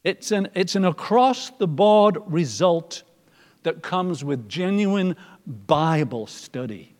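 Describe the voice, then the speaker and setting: A man preaching a sermon, moving from loud emphatic lines to soft, almost whispered ones. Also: high-pitched, lively intonation, slow, big-room sound.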